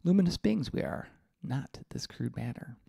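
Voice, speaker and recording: A man's voice: medium pitch, animated, moderate pace, gravelly, warm tone, slightly rough, dry recording, clean studio sound, exaggerated voice. A man voicing a tiny, ancient, wise male alien sage in a sage-like manner with inverted word order, as an admittedly poor imitation. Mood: solemn.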